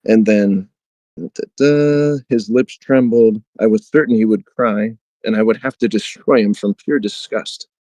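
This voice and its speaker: A man with a lowish voice talks through a book in relaxed podcast chat, full of fillers and asides. He reads quoted passages aloud with a little dramatic lift. The sound is dry and close, with no room around it. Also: measured pace, no room sound, rough recording. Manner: conversational, many fillers, reads quotes with light dramatic emphasis. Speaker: podcast co-host.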